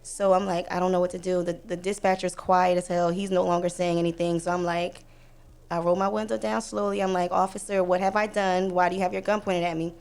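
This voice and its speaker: A young woman telling a personal story on a podcast in a casual way, acting out the people in it with lively quoted lines. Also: lowish voice, brisk, clean tone. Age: young adult. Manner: animated retelling, acts out voices, fillers. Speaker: podcast guest.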